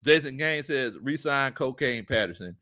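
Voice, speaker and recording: Lively, bright-voiced male sports host. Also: mid-range voice, normal speed. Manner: laughs often, reads chat comments aloud, storytelling. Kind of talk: casual livestream chat.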